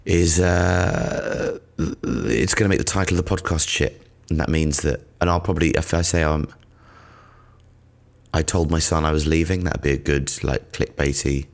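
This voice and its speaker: Deep gravelly rambling male comic. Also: moderate pace. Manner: rambling, sardonic, sweary. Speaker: comedian podcast host. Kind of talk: solo comedy podcast monologue.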